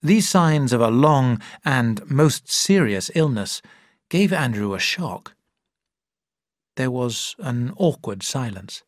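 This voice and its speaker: A man narrating a story slowly and clearly for English learners. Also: medium pitch, lively intonation, no echo, clean studio sound. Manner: clear, deliberate reading.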